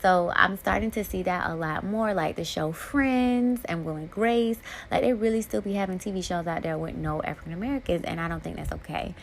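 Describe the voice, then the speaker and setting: A young adult woman hosting a casual solo podcast, talking in a candid, heartfelt way that swings between soft and bright. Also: lowish voice, fairly quick, vocal fry, hardly any pauses, a little hiss or hum. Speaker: podcast host.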